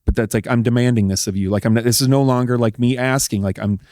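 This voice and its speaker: A middle-aged man from Texas tells a painful personal story as an interview guest. He speaks earnestly and emotionally, leaning on "like" as he goes. His voice is mid-pitched and the sound is dry. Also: steady tone, fast, darkish tone, no room sound. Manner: earnest, emotional, many "like" fillers. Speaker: guest, husband.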